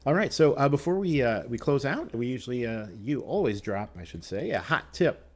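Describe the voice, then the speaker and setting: A man hosting a casual wine show panel, relaxed and halting with fillers. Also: medium pitch. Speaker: host and chef.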